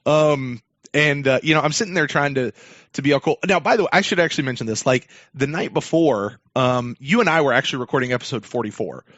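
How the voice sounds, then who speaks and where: A man's voice: mid-range voice, fast talker, fairly bright tone, dry recording. A man hosting a sports podcast, telling a long story in a rambling casual way, full of fillers and restarts. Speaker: podcast host. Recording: dull lo-fi dry sound.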